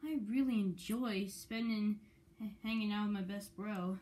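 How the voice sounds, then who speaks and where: Gentle male engine, soft and slow-talking voiced by a woman, toy story. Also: medium pitch, steady tone, close to an everyday voice.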